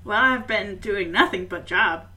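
A woman's voice: mid-range voice, measured pace. A woman co-hosting a podcast, chatting casually and jokily, often laughing. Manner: animated, jokey, laughs often. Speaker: podcast co-host. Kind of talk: casual chat.

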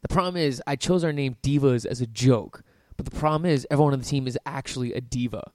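A man's voice: medium pitch, quick pace, a little mellow, no room sound. A man co-hosting a soccer podcast, joking about himself and wrapping up the show. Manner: self-deprecating, joking. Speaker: podcast co-host. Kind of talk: casual chat.

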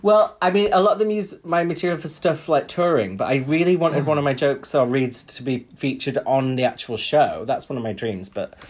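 A man's voice: medium pitch, a little fast, hardly any pauses. Guy gossiping on a podcast, cheeky chatty banter. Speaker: podcast co-host. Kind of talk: casual chat recapping a TV show.

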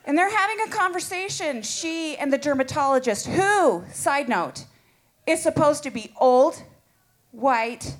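A woman telling a comic personal story live to an audience, animated and playful, laughing as she goes. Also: high voice, unhurried.

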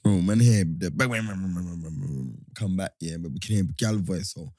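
A man telling stories in casual slang, laughing often and drifting quieter mid-story. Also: low voice, fairly quick, no echo, clean studio sound.

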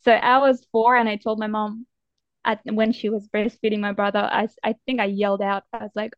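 A young adult woman, a guest in an interview, telling a personal story in a reflective, gentle and somewhat halting way. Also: mid-range voice, level tone, no echo. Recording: dull dry sound.

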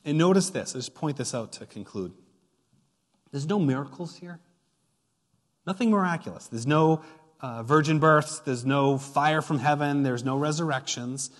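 A man's voice: on the high side, moderate pace. A man preaching a sermon as pastor, retelling a story with playful asides and emphatic build-ups. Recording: long hall reverb.

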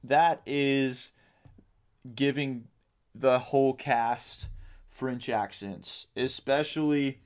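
A man in an easygoing podcast conversation, rambling through his thoughts with plenty of ums and the odd swear word. His voice sits at a middle pitch. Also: steady tone, very slow. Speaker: podcast co-host. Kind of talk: casual chat.

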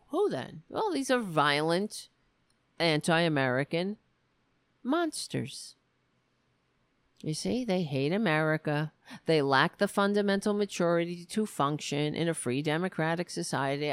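A woman's voice: low-pitched, no room sound. A woman hosting political commentary talks in a biting, mocking rant full of swearing. She takes her time, dragging out her jabs. Her voice sits close and dry, with no room sound around it. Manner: sarcastic and mocking. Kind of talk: profane ranting commentary.

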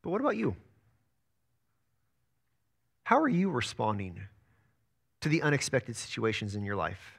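Expressive preacher man with lively pitch. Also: fairly quick, gravelly, slightly rough. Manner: emphatic, repeats words when building a point. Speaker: pastor. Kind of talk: sermon.

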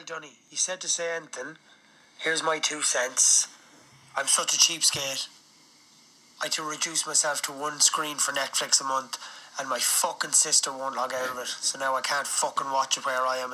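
A man's voice: mid-range voice, fairly even intonation, normal speed, pushed and bright, pitched above the performer's own voice, rough recording. Man putting on a sweary grumbling Scotsman. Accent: Scottish, put on. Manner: sweary, complaining.

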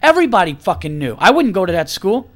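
Heated profane man ranting, high voice. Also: big pitch swings, quick pace. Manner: profane, heated and emphatic, repeats himself. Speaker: podcast host. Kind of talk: angry opinion rant.

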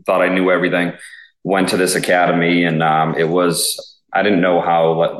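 A man's voice: low-pitched, level tone, normal speed, reverberant, low-quality recording. A man, a police officer in his thirties, telling stories in a casual interview, rambling with lots of fillers and swearing. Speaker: police officer, SWAT guest.

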